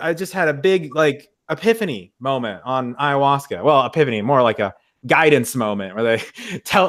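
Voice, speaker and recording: Frank, profane young man, fairly high. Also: a bit bright. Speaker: podcast guest. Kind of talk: casual conversation. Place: in the US Midwest.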